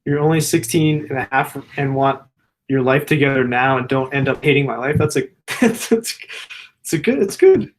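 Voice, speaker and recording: A man's voice: mid-range voice, normal speed. A man, a general surgeon, answering viewer questions in a loose, profane, casual way. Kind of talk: casual Q&A chat.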